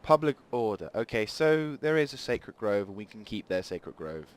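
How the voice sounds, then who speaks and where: A man's voice: lowish voice, big pitch swings, moderate pace. A man giving rambling let's play commentary at a desk mic, thinking aloud as he plays. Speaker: gaming channel host.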